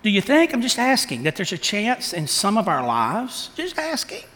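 A man preaching a sermon, asking the congregation rhetorical questions and acting out quotes with animated delivery. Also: high voice, normal speed, in a large hall. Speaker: pastor.

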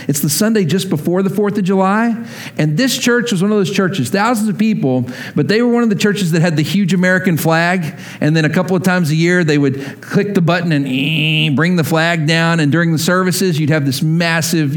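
Male pastor with a high voice, lively sermon storyteller who plays out each conversation. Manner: animated storyteller, acts out dialogue.

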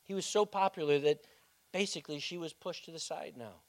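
A male pastor preaching a sermon as dramatic storytelling, swinging from loud bursts to hushed tones. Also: a little high, brisk.

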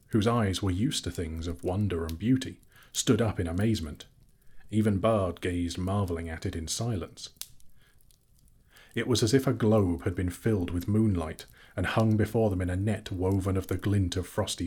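A man's voice: low-pitched, a little mellow, husky. A man reading a classic novel aloud as narrator, telling the story steadily. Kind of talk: audiobook reading.

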